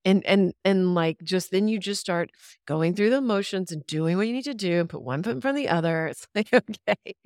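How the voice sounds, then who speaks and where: A woman's voice: fairly low pitch, expressive, a little fast, a little mellow, no echo, studio quality. A woman talking candidly on a podcast, ranting freely, laughing and swearing as she goes. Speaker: podcast guest. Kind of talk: casual podcast conversation.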